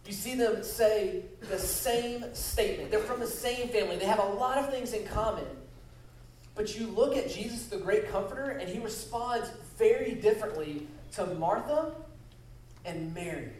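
A man's voice: high voice, normal speed, darkish tone, slight background noise. A man preaching as a guest speaker, leading a prayer and stressing key phrases by repeating them. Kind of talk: sermon. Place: church sanctuary. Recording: echoey hall, voice from a distance.

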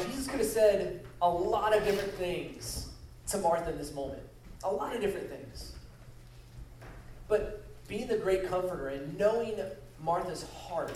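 A man's voice: high-pitched, darkish tone, slight background noise. A man preaching as a guest speaker, leading a prayer and stressing key phrases by repeating them. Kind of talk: sermon. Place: church sanctuary. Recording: echoey hall, voice from a distance.

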